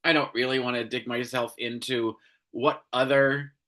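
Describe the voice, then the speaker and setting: A man's voice: mid-range voice, level tone, moderate pace, pushed and bright. A man hosting a commentary show, ranting angrily with lots of swearing and exasperation. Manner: angry, profane, exasperated.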